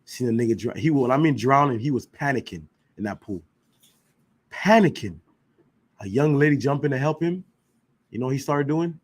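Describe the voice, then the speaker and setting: At a brisk clip, a medium-pitched man with lively intonation teaches an informal scripture class. He speaks emphatically and in slang, tosses out rhetorical questions, and frequently asks "you know what I'm saying."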